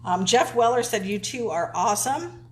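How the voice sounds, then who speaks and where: A woman's voice: a little high, expressive, moderate pace, slight background noise. A woman co-hosting a live stream, chatting casually and reading viewer comments aloud. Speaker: co-host reading live chat.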